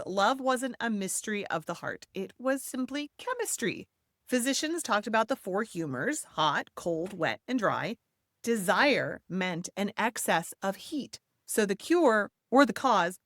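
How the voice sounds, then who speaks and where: A woman's voice: mid-range voice, a bit bright, dry recording, clean studio sound. A woman hosting a history podcast, reading a scripted narration with playful, theatrical emphasis and chatty asides.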